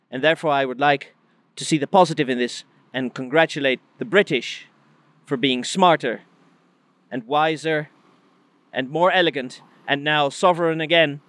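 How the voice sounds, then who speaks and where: Man, Dutch accent, emphatic and dramatic address, slightly high pitch. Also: measured pace, pauses often, a bit bright, dry recording. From Netherlands. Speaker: speaker addressing the British. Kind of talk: earnest political address.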